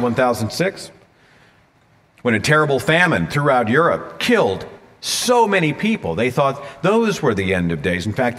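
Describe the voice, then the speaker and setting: With a medium-pitched, a bit bright voice, an Oklahoma-accented guest speaker from Oklahoma, USA, gives a live public talk. He is emphatic and dramatic, repeating phrases for effect, in a reverberant lecture hall recording.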